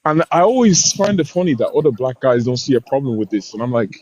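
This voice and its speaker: A man from Ireland speaking as a guest in a live online debate, casual and measured. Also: medium pitch, very animated, darkish tone, lo-fi sound.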